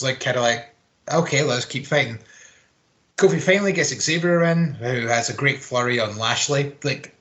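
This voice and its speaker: Talking through a wrestling bout play by play, a man with a bright, forward, mid-range voice sounds like an easygoing podcast co-host. He rambles, swears casually and fills his pauses with ums and uhs during this laid-back recap chat.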